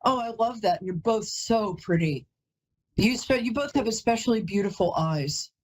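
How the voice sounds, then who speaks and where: A woman's voice: medium pitch, animated, normal speed, rough recording. A woman hosting a live call-in psychic reading, chatty and emotional, who often breaks off mid-sentence to apologize. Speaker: psychic medium host.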